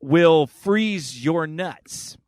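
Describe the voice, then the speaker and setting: Over a noisy crowd, a podcast host with a voice on the high side speaks extremely slowly, chatting casually and telling animated stories with acted-out voices.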